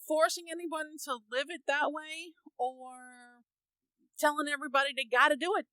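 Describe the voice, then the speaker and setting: A woman's voice: high voice, steady tone, moderate pace, sharp tone, no room sound, poor audio. An American woman co-hosting a podcast, ranting emphatically in casual opinionated chat and laughing often. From United States. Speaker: podcast co-host.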